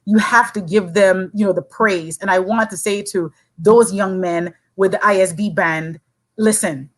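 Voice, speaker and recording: In a low-quality recording, a woman from the U.S. Virgin Islands island of Saint Croix chats on a podcast, a little slowly in a medium-pitched, steady tone. Her manner is sincere and supportive, with long runs of speech.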